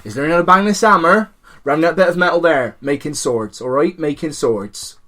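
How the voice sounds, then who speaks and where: A man voicing a gruff, loving blacksmith father with a Cornish accent, coaxing and drawn out. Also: a little high, moderate pace, fairly bright tone, natural voice.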